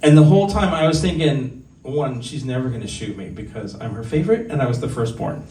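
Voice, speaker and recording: A man's voice: medium pitch, expressive, a little fast, dark tone. A man in his forties doing a stand-up set at a bar open mic, telling stories candidly and making fun of himself. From Southern California. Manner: candid, conversational, self-deprecating storytelling. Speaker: stand-up comedian. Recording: echoey room, distant mic, faint ambience.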